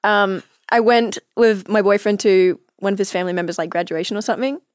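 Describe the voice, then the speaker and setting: A woman's voice: medium pitch, brisk, no room sound. Giggly Australian woman, dry close sound. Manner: giggly, self-deprecating. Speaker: commercial actor, guest. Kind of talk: casual chat.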